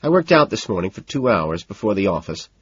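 Husky man narrating in a detached tone. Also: lowish voice, big pitch swings, fairly quick, no room sound, highs cut off. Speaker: audiobook narrator. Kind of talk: scripted first-person narration.

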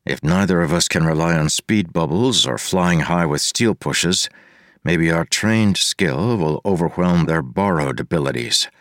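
A man voicing a calm, tactical male lawman who lays out plans precisely. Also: low-pitched, a little slow, no echo, studio quality. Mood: measured.

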